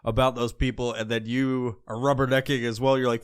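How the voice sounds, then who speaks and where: A man's voice: medium pitch, little pitch movement, fairly quick, smooth. A man from the Pacific Northwest of the US hosting a podcast, rambling loosely and swearing constantly with lots of fillers. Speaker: podcast host. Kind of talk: casual podcast rant.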